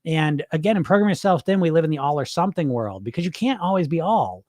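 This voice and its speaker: A middle-aged man hosting a casual podcast, reading listener comments and answering them in a blunt, animated way, now and then swearing and acting out the voices in people's heads. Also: a little high, quick pace, no echo, studio quality. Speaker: podcast host and weight-loss coach.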